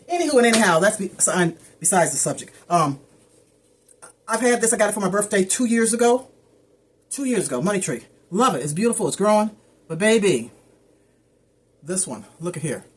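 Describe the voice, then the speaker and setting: A woman's voice: mid-range voice, expressive, moderate pace, long pauses, husky. Chatty woman rambling about plants. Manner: chatty, rambling, stumbles over plant names. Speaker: plant care vlogger. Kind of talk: casual how-to chat.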